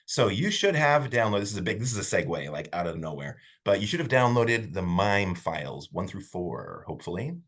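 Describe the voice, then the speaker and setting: Man teaching online class, low voice, husky edge, swoops in pitch, casual and rambling, computer mic. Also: fairly quick, few pauses. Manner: casual, animated, rambling with fillers. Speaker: college instructor.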